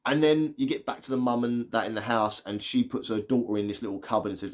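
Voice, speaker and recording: A man giving a casual, excitable spoiler review of a movie, retelling scenes with lots of "like". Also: mid-range voice, fast talker, few pauses. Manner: chatty, excitable retelling full of "like".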